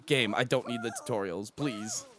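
A man's voice: mid-range voice, normal speed, background noise. A young man casually commentating a game with a partner, crude and joking, slipping into silly voices. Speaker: let's play commentator. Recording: game music behind.

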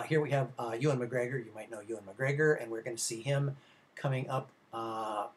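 A male film instructor giving a recorded slide lecture, chatty and rambling, with many filler sounds and restarts, speaking directly to his students. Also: mid-range voice. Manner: conversational, addresses students directly.

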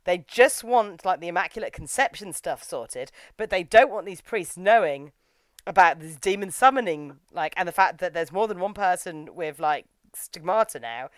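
Woman podcast host, lower pitch, clear tone, lively recap storyteller. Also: no echo. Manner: animated storytelling, acts out characters' lines. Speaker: podcast co-host reviewing anime. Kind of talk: casual recap chat.

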